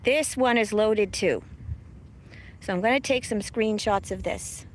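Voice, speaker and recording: A woman's voice: mid-range voice, measured pace, a little hiss or hum. A woman from south of Boston hosting a casual livestream outdoors on her phone, brash and mocking, laughing often and swearing. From south of Boston, USA. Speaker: livestream host. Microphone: phone camera.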